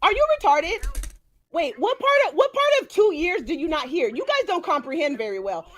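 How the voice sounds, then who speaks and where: A woman's voice: sits high, sing-song, a little fast. A woman on a livestream, ranting angrily and firing the same questions over and over. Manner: angry, confrontational, repeats questions. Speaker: streamer in an online dispute. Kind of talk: heated livestream rant.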